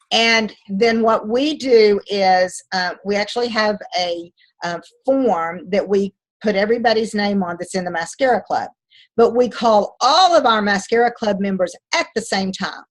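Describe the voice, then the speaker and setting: A woman's voice: mid-range voice, normal speed, rough recording. A woman beauty consultant teaching a group, chatty and emphatic, repeating phrases to drive them home. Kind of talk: instructional talk to a group.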